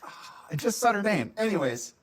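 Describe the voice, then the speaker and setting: A man's voice: high voice, normal speed. A middle-aged man from Minnesota, co-hosting a podcast and telling childhood stories in a casual chat with an old friend, laughing often. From Minnesota, USA. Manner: animated storyteller, laughs often. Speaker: podcast co-host.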